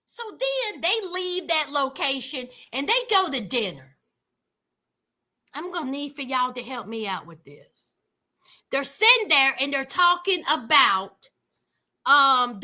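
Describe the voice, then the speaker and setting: A woman with a very high, bright, sharp voice recaps reality TV with sass. She swings her pitch all over the place and talks straight to her viewers as if they're friends on the couch. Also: expressive, unhurried. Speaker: reality TV commentator. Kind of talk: casual reaction commentary.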